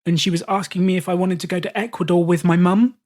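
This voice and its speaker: A British man, a podcast host, telling stories in a relaxed interview and acting out the voices of people he quotes. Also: high-pitched, quick pace. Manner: animated, acts out quoted voices. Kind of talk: storytelling in casual conversation.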